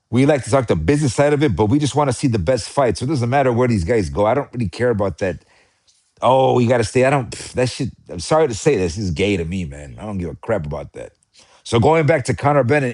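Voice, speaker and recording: A man with an American accent chatting casually about boxing, excitable and rambling, often repeating himself. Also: medium pitch. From United States. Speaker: boxing commentator. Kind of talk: casual live chat.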